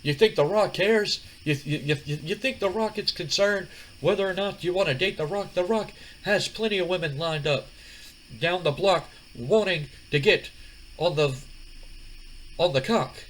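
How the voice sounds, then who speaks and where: Here is a swaggering, boastful movie-star wrestler who always speaks of himself in the third person, as a man puts him on. The voice sits a few notes higher than usual and comes out loud and pushy. The whole attitude is that nothing and nobody is worth his time. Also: moderate pace, a little hiss or hum, rough recording.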